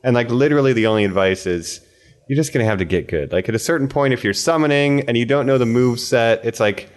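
A man's voice: medium pitch, quick pace. A man explaining things in a laid-back way, chatting casually as a co-host of a gaming talk show. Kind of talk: casual chat.

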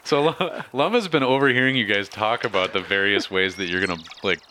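A man's voice: fairly low pitch, fairly quick, bright, forceful tone, a little hiss or hum. A man running a tabletop game as game master, narrating and laughing at himself. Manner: laughing, self-mocking.

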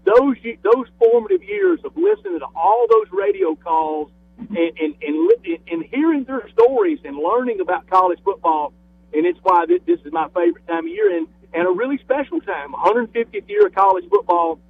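A man's voice: high voice, sing-song, normal speed. A man in his fifties with a Southern US accent, a guest on a radio show, talking with enthusiasm and often repeating his first words. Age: 50s. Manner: enthusiastic, repeats words when starting sentences. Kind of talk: casual phone chat. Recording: tinny phone line.

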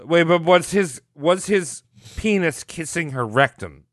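A man's voice: on the high side, animated, unhurried, dry recording, clean studio sound. A young man co-hosting a comedy podcast, making crude jokes and laughing a lot. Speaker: podcast co-host. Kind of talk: casual comedic banter.

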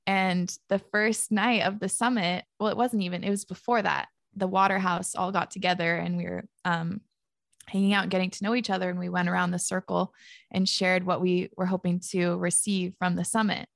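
A young woman chatting as a podcast guest, filling her talk with "like" and quick laughs. Her voice has a gravelly fry at the ends of phrases. The recording is close and dry, with no room sound. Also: fairly low pitch, flat delivery, no room sound. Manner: chatty, fills speech with "like", laughs often. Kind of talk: casual conversation.

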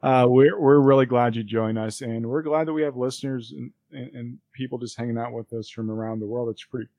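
A man's voice: medium pitch, fairly even intonation, fairly quick, warm tone, no room sound, highs cut off. Rambling man on a dry mic. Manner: loose and rambling, many fillers. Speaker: podcast co-host. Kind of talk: casual chat.

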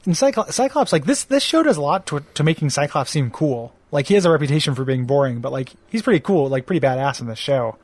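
A man's voice: on the high side, animated, quick pace, hardly any pauses, dry recording. A man chatting casually about a cartoon show, rambling with many fillers and laughing as he acts out lines.

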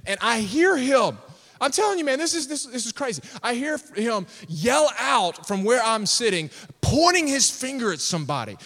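A pastor, preaching a sermon with animated storytelling and laughter. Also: male voice, very high voice, normal speed. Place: church hall. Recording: long reverb of a church hall.

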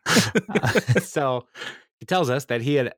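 A man co-hosting a podcast, recapping a sitcom in a relaxed chat, laughing often and quoting characters in animated voices. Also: medium pitch, slow, dry recording, studio quality. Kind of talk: casual chat.

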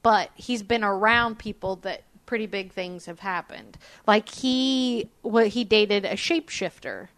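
A woman's voice: medium pitch, measured pace, hardly any pauses, fairly bright tone, no room sound. Chatty giggly woman, dry close sound. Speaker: podcast co-host. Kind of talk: casual chat.

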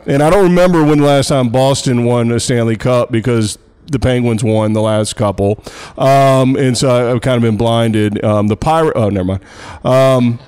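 A man's voice: mid-range voice, moderate pace, darkish tone, clear, resonant tone. Joking man hosting a podcast. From Pittsburgh area. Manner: joking, rambling questions. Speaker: podcast host and college tennis coach. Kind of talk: casual podcast chat.

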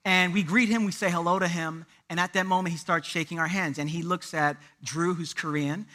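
A man's voice: fairly high pitch, steady tone, fairly quick, sharp tone. A man preaching a sermon as lead pastor, building points through emphatic repetition and slipping into a chatty storytelling tone.

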